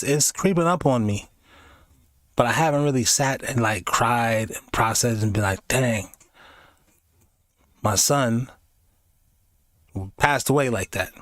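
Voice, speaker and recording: A man's voice: medium pitch, no room sound, studio quality. A man hosting a reaction video, talking candidly in a rambling way and laughing often. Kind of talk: casual reaction commentary.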